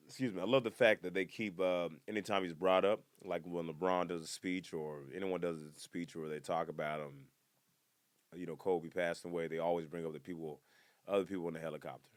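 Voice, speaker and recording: Male comic podcast host, deep voice, rambling monologue, jumps between topics, sudden loud outbursts. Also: no room sound. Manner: bursts into loud excited outbursts.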